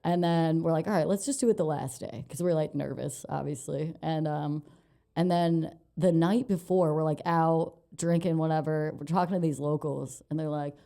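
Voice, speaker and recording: A young woman with a mellow, warm tone and a slightly low voice talks through a story on a podcast. She swears freely, laughs easily and keeps the telling lively and loose. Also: moderate pace, gravelly. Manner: animated, profane, laughing storyteller. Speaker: comedian guest.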